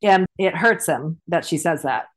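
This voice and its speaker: A woman with a slightly low voice co-hosts a chat about a series she loves. She talks with enthusiasm and playfully acts out the lines, jumping up in pitch for the characters. The tone is casual. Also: expressive, normal speed. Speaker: podcast co-host.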